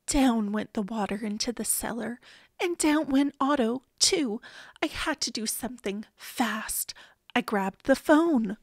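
A woman reading a children's picture book aloud in an expressive way. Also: a little high, no room sound, clean studio sound. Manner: expressive, slow and lively. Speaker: storybook reader.

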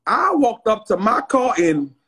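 A man telling a dramatic story to his viewers in a loud, slangy rant that bursts into shouting. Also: high voice, sing-song, a little slow, breathy edge.

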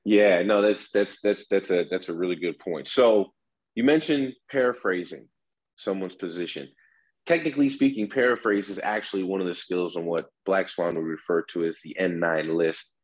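A man with a deep, slightly husky voice explains negotiation skills in an interview. He is animated and acts out the example phrases, swinging his inflection up and down. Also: normal speed, poor audio. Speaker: negotiation instructor.

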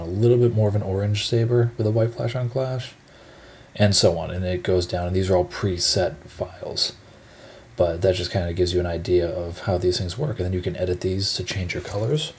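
A young man with a low, deep voice talks through a computer tutorial. He sounds relaxed and rambling, with plenty of fillers. A faint hiss of room noise sits under his voice. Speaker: shop owner giving a tutorial. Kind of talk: casual screen-recorded tutorial.

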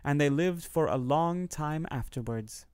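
A man reads a fairy tale aloud in a steady, measured way. His voice sits a bit high for a man. The recording is close and dry, with no room sound. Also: clean tone, dry recording. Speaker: narrator. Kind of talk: storybook reading.

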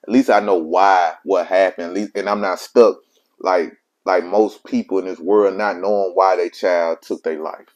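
A man's voice: low-pitched, fairly even intonation, normal speed, a little mellow. A man who is a father, telling his own life story in casual, slangy speech and repeating himself for emphasis. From Mississippi. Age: adult father of children.

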